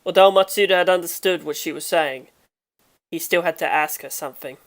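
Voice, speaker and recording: A woman narrating a fan audiobook in a steady, measured reading. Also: lowish voice.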